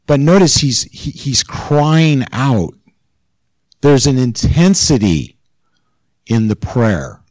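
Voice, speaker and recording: A male pastor preaching in a relaxed, conversational way, his voice sitting at an ordinary mid pitch. The sound is close and dry, with almost no room around it. He turns more intense when he drives a point home. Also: slow pace, long pauses, dry recording, low-quality recording. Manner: informal and chatty, rising in intensity as he stresses a point. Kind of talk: conversational sermon.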